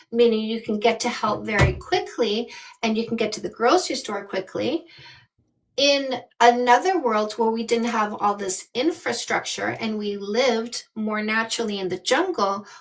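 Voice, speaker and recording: A woman's voice: fairly high pitch, low-quality recording. A woman in her fifties from Canada, a dating coach giving blunt, emphatic advice on a live call. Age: 50s.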